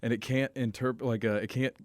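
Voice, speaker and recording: A man's voice: mid-range voice, steady tone, brisk, a little mellow, no echo. A man chatting as a guest on a radio show in a studio, rambling and laughing often. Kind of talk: casual radio chat. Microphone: studio microphone.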